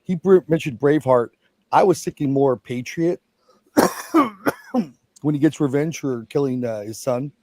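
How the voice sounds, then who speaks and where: Forties male guest, blunt storyteller, mid pitch, dry mic. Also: a little slow, pauses often, warm tone, dry recording. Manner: storytelling, blunt and self-mocking. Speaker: stream guest. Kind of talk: casual chat.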